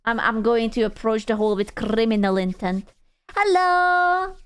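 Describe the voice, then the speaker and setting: A woman's voice: medium pitch, little pitch movement, brisk, clear, resonant tone. A young woman from Hungary with a Hungarian accent, a streamer chatting casually with viewers, teasing, rambling and swearing freely.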